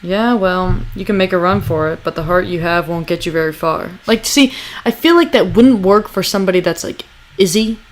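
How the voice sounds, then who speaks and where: A woman's voice: lowish voice, a little fast. A young adult woman co-hosting a podcast, chatting casually and sarcastically while recapping a TV episode. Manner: chatty, sarcastic, swears, reads scene lines aloud. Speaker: podcast co-host.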